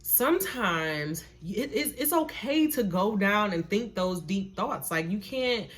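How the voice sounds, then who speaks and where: A woman's voice: mid-range voice, lively intonation, slow pace, fairly bright tone. A woman reads tarot cards in a casual, spiritual way. She talks emphatically, repeats her points and swears freely. Her encouragement is earnest and preacher-like. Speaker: tarot reader.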